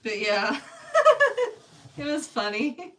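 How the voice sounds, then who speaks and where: A woman's voice: on the high side, very animated, extremely slow, pushed and bright. A woman chatting casually with her viewers while she paints on a live stream, answering them by name and laughing often. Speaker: livestreaming artist. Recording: voice a bit distant from the mic.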